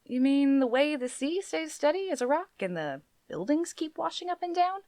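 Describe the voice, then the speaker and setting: Woman playing an excitable alien guy, loud and lively, storybook read. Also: high voice, normal speed, no room sound, pitched above the performer's own voice. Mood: excited. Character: brash, excitable alien man. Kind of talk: live book reading.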